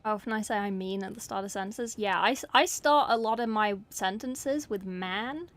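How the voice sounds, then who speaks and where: A woman's voice: medium pitch, normal speed, fairly bright tone, soft background music. A woman from England and New Zealand, with an English accent that carries New Zealand traces, chatting playfully with viewers while she paints miniatures and answering the chat in short bursts.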